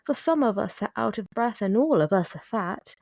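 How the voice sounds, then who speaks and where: A woman voicing a group of small, anxious oysters in a high, pleading storybook voice. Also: expressive, moderate pace, vocal fry, a little mellow, no echo, clean studio sound.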